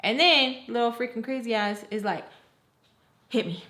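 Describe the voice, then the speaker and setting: A woman's voice: fairly high pitch, fairly quick. A young woman vlogger telling a personal story in a casual, chatty way, full of "like" and "you guys", acting out bits of dialogue. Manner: expressive, retelling scenes with quoted dialogue. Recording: roomy echo.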